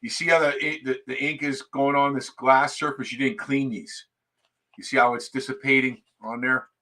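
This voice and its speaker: A man in his sixties swapping road stories at a signing, profane and animated, acting out the people in them. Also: mid-range voice, normal speed. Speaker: guest wrestler at an autograph signing. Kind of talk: casual storytelling.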